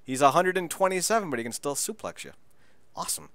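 A man co-hosting a podcast, excitedly recapping a show in casual chat, laughing and swearing as he goes. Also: a little high, fast talker, no echo. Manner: excitable, laughing, profane storyteller. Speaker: podcast co-host.

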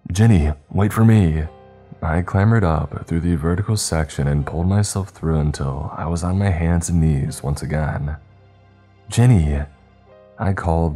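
A man narrating a horror story in a measured, tense way. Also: rumbling low, warm tone. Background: faint background music.

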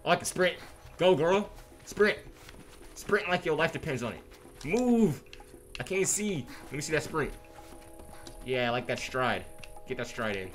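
A young man giving casual, slangy commentary while playing a game, chatting excitedly and reading in-game text aloud. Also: a little high, unhurried, long pauses. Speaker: gamer. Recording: faint game music behind.

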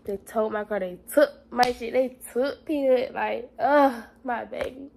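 A woman's voice: fairly high pitch, a little slow, vocal fry, a little mellow, a little hiss or hum, low-quality recording. A young woman vlogging in a casual, blunt and profane way, talking straight to her viewers. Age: young adult. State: stressed, near tears. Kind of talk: casual vlog chat.

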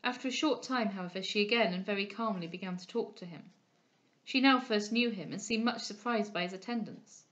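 This dull, lo-fi recording captures an audiobook reader performing a classic novel. Her voice is mid-range, and her reading is expressive yet measured.

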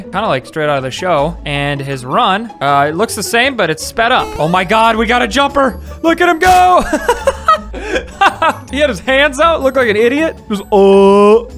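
Excitable young male gameplay host, high lively voice, jokey and loud at times. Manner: excitable, jokey, swings into loud squeals and laughs. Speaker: gaming video host. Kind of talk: casual gameplay commentary.

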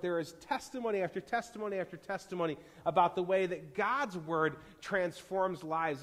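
Earnest guy preaching, slightly high voice, big echoey church. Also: fairly bright tone. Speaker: pastor. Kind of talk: sermon. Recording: reverberant church hall.

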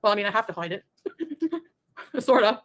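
A woman's voice: medium pitch, brisk, fairly bright tone. A woman co-hosting a casual livestream, reading chat messages with sarcastic remarks and frequent laughter. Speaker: livestream co-host.

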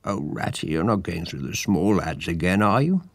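A man's voice: low voice, expressive, moderate pace, no room sound, clean studio sound. A man voicing a sleepy, hesitant male mole who stammers and sounds doubtful.

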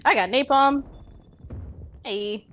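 A woman's voice: sits high, takes it slowly, fairly bright tone, highs cut off, slight background noise. A woman playing a shooter with friends over headset voice chat, teasing and laughing often. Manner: playful, teasing, laughs a lot. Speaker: stream guest and teammate. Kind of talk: casual gaming chat.

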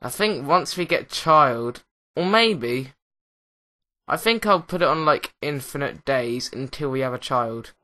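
A young man with an English accent gives rambling, excitable let's play commentary, often mocking himself. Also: mid-range voice, measured pace. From England. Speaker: gaming commentator.

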